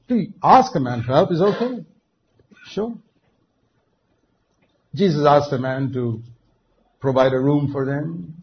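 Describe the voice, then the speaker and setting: A man preaching a sermon, emphatic, dropping to quiet asides and then rising to loud, stressed words. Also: a little high, creaky. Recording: dull lo-fi recording with faint noise.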